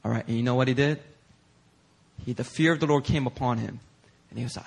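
A male pastor preaching a sermon in a church, telling stories in an animated, conversational way. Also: medium pitch, fast talker, gravelly, husky. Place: church sanctuary.

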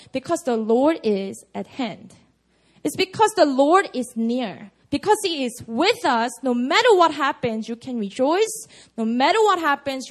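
A woman preaching a casual, conversational sermon at a prayer meeting, full of "you know" and "like". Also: high-pitched. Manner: chatty, many fillers like "you know" and "like".

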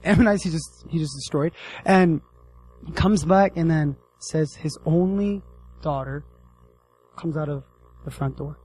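A man's voice: a little high, slow, long pauses, breathy edge, rough recording. A man giving a casual sermon as a youth pastor, joking and calling out to his listeners. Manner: animated, joking, addresses the audience directly.

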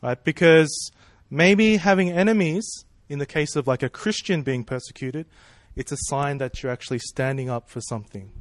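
A man's voice: a little high, moderate pace, few pauses, dry recording. A man preaching a sermon in a casual, conversational way, asking rhetorical questions and checking in with "right?" and "you know".

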